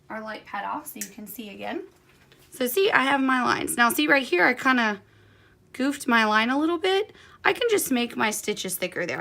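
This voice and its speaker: A woman teaching a quilting project step by step, her voice carrying a gravelly fry. She chats in an easy, encouraging way while her hands stay busy with the work. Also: medium pitch, a bit bright. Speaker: quilting instructor. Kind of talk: hands-on sewing tutorial.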